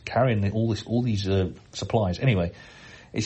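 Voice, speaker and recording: A middle-aged man hosting a podcast, reading out listener emails in a relaxed, chatty way with frequent hesitations. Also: fairly low pitch, moderate pace, slightly rough. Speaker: podcast host.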